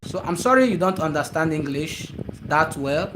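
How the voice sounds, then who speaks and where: A man's voice: a little high, expressive, a little slow, long pauses, noisy background. A young man hosting a casual live stream, talking to viewers by name and repeating his phrases. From Nigeria.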